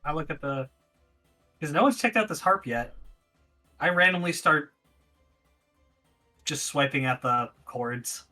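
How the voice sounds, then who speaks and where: Bright-voiced male player. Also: fairly high pitch, animated, unhurried, long pauses, faint music behind. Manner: stammering restarts. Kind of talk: casual tabletop play.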